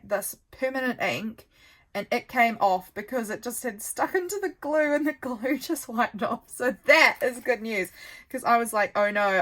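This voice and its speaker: Captured on a rough recording, this woman's mid-range voice drifts along as she crafts for her vlog. She muses out loud as she works and laughs at herself over her slip-ups.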